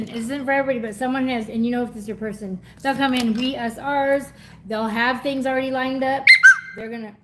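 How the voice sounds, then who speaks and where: A woman giving a live energy reading in a chatty, effusive way, laughing often and going soft and teary when moved. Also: fairly high pitch, slight background noise. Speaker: tarot reader.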